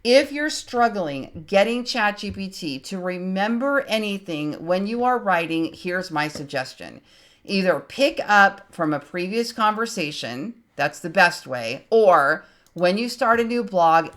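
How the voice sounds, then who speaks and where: Chatty woman in her fifties, low-pitched. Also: animated, a bit bright. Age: 50s. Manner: chatty, thinks aloud while typing, reads prompts out slowly. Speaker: creator teaching online tools. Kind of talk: screen-recorded tutorial.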